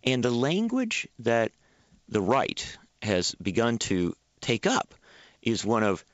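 A man speaking as a guest on a public radio talk show, making his points in an emphatic, animated way. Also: mid-range voice, slow pace, no echo, highs cut off. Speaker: guest commentator.

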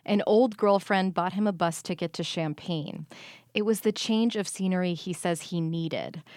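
Woman, reporter, lowish voice, dry studio sound, measured scripted narration. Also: no room sound. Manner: measured, even news delivery.

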